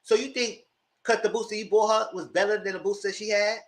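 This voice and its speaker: A man's voice: high voice, fairly even intonation, a little fast. A man giving a casual live review of a reality TV show, retelling scenes with exasperation and cursing.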